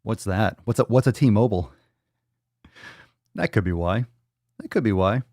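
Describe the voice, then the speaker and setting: Low-voiced profane podcast host, dry sound. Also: male voice, moderate pace, darkish tone, no room sound. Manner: loose and profane, reads chat comments aloud. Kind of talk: casual livestream chat. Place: indoors at home.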